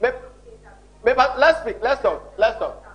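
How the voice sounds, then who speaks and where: A Ghanaian man with a Ghanaian accent hosting live election call-ins, loud, chatty and informal with callers. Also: very high-pitched, animated, unhurried. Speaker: studio news host.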